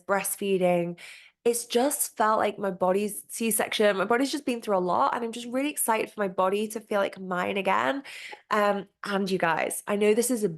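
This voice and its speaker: Candid, gushing woman podcast host. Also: mid-range voice. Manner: candid, gushing and heavy on swearing; chatty with frequent "like" and "um" fillers. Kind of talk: casual solo podcast monologue.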